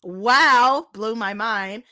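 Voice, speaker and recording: A young woman co-hosting a casual chat, animated and laughing often. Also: on the high side, very slow, no room sound, clean studio sound. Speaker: podcast co-host.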